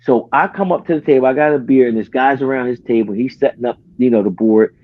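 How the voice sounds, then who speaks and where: A man hosting a podcast, telling a story in casual chat, animated, acting out what others said and often restarting his sentences. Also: medium pitch, fast talker, narrow, tinny audio. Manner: animated, acts out quoted dialogue, frequent restarts. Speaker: podcast host.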